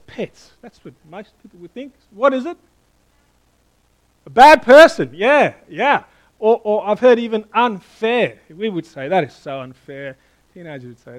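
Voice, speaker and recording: High-voiced man preaching a sermon. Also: poor audio. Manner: animated, playful with the congregation, asking questions. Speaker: pastor.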